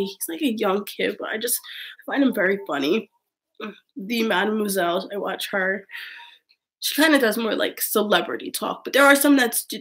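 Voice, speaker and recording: A woman's voice: medium pitch, fairly bright tone. A young woman hosting a casual live stream, rambling through chat comments with lots of "like" and frequent laughter. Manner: chatty, rambling, heavy use of "like", frequent laughs.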